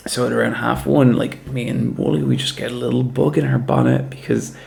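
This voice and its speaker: Irish guy, tipsy, heavy fry on every line, swears, rambles through anecdotes in a podcast chat. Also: mid-range voice, steady tone, brisk, darkish tone. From Ireland. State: a little drunk. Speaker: podcast guest. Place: apartment.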